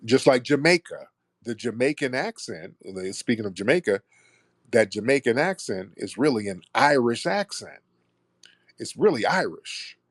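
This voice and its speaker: A man's voice: on the low side, no echo, studio quality. A man hosting a call-in talk show, arguing with and teasing callers in casual chat. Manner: animated, argumentative, teasing callers. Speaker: radio show host.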